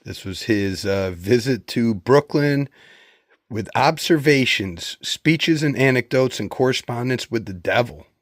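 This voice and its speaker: A man's voice: mid-range voice, dry recording. Chatty bookseller man, dry close sound. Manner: chatty and relaxed, reading off book titles. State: worn out after long days. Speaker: used and antiquarian bookseller. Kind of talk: casual show-and-tell vlog.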